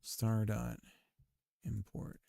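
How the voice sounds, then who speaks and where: A man streaming while he works on a game, chatting casually, rambling with fillers and cursing at his software. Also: on the low side, little pitch movement, drawn-out words, gravelly, faint music behind. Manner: rambling and self-deprecating, swears often, many fillers. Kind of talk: casual live-stream chat while working.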